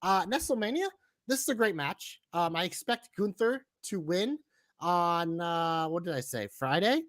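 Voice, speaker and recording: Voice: mid-range voice, lively intonation, unhurried, dry recording. A podcast co-host reading out a lineup and giving blunt, cussing opinions in casual banter. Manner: blunt, swears, swings from loud to mumbled.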